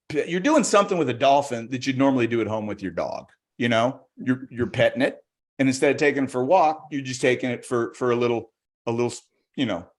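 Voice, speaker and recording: A man doing stand-up comedy on a video call, chatty and rambling, with plenty of restarts and put-on voices. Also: medium pitch. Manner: chatty, rambling, self-interrupting, acts out voices. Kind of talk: stand-up comedy on a virtual show.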